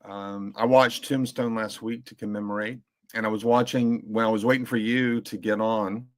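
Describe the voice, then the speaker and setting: A man with a slightly low voice talks loosely on a podcast, circling back and restarting his sentences as he tells a story. He keeps it casual and chatty. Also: fairly even intonation. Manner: rambling storyteller with many restarts and fillers; briefly mimics slow drawling voices when quoting. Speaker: podcast co-host. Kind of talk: casual chat.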